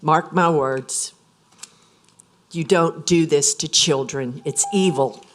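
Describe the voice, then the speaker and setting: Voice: mid-range voice, slow. A speaker making an accusatory, stern public comment at a board meeting.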